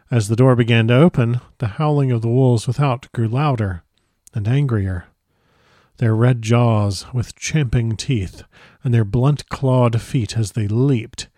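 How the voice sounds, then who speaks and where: A man reading a first-person diary aloud as a dramatic audiobook narrator, measured and grave. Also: medium pitch, a little mellow, no echo, studio quality.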